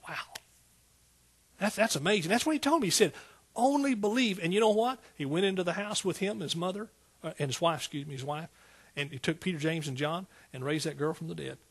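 A husky-voiced man preaching a sermon in a slightly high register. He addresses the congregation casually, with calls of "y'all", and swells to emphatic peaks before settling back. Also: quick pace. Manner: rises to emphatic exclaiming peaks; Southern "y'all" speech.

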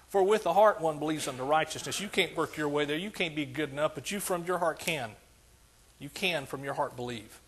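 A man's voice: a little high, slight background noise. An older man preaching a sermon as pastor, emphatic and repetitive in his cadence.

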